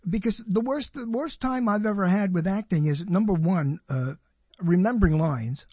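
Older male talk host, slightly high and husky, casual and searching, restarts often. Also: normal speed, darkish tone, no room sound. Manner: thinks aloud, restarts and hedges. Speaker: radio show host. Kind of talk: casual conversation.

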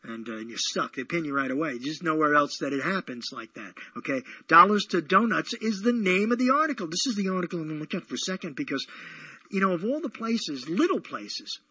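Rambling talk show host, man, high bright voice, husky edge, dry slightly lo-fi sound. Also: a little fast, no echo. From Brooklyn, New York. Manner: rambling, self-correcting, excitable. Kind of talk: rambling solo radio talk.

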